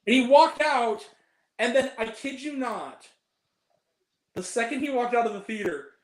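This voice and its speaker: A woman's voice: a little high, expressive, unhurried. A woman co-hosting a casual chat, telling a story animatedly and laughing often. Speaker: podcast co-host. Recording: roomy echo.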